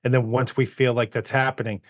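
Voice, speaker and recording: Male podcast co-host, mid pitch, chatty storyteller, laughs often, dry close mic. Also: little pitch movement, a little fast, no room sound. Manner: rambling, laughing often, retelling anecdotes. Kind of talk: casual chat.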